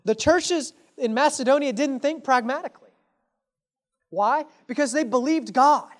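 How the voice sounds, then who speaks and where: A man's voice: extremely high pitch, normal speed. A man preaching an earnest sermon as a pastor, putting rhetorical questions to his congregation and addressing them casually and directly. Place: church.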